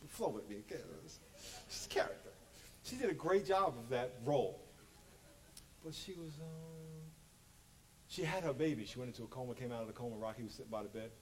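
Animated male pastor preaching. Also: medium pitch, brisk, slight background noise, low-quality recording. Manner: animated, jokey preaching with acted-out quotes. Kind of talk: sermon.

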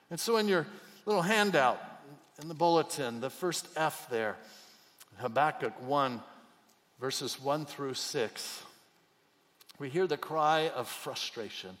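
A man preaching a sermon as pastor, swinging from loud cries to near whispers. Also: a little high, expressive, measured pace, big-room sound. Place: church auditorium.

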